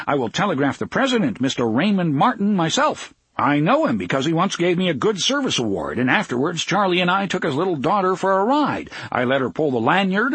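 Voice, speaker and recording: A man's voice: a little high, husky, no echo, pitched above the performer's own voice, heavily acted. A man playing a proud, indignant old engineer. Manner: raised, excited and quick.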